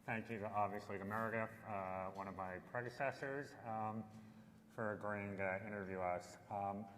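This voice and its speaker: A man's voice: fairly low pitch, fairly even intonation, normal speed, fairly bright tone. A man speaking as a panelist at a conference, earnest and gracious, with occasional uh fillers. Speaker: panelist, agency official. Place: large conference hall. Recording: hall reverb, faint background noise.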